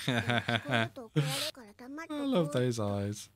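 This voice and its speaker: A young man giving excitable casual reaction commentary, often laughing. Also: medium pitch, extremely slow. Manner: excitable, frequent laughter and "mate". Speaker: anime reaction host.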